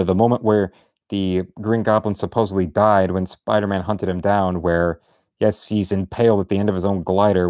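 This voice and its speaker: Deep-voiced man rambling while drawing. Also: dark tone, no room sound, studio quality. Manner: rambling, many restarts, trails off to muttering. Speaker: artist streaming a drawing session. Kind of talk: casual commentary while drawing.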